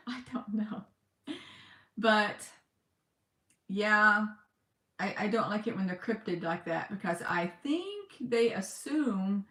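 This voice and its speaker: A woman talking in a personal video diary, on the edge of tears, halting and emotional, with sighs and pauses. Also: mid-range voice, a bit bright, echoey room. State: close to tears. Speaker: vlogger.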